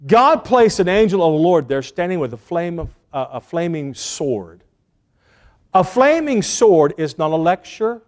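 A man preaching a sermon as a pastor, retelling a story in an animated way and acting out the quotes. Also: on the high side.

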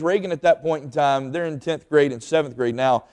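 A man's voice: a little high, brisk, a little mellow. A middle-aged man preaching a sermon, emphatic and full of rhetorical questions. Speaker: pastor. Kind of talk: sermon with storytelling.

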